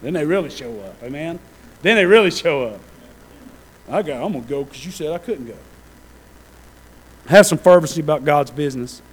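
A man preaching a sermon in a conversational way, with joking asides, then building to loud fervent peaks. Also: fairly high pitch, a little fast, breathy edge, poor audio. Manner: conversational, self-deprecating asides with laughter. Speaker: pastor.

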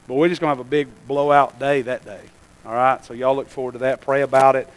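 A man's voice: mid-range voice, steady tone, quick pace, smooth, low-quality recording. A middle-aged man preaching and giving church announcements in a folksy, rambling way, often calling out to his congregation. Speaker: pastor.

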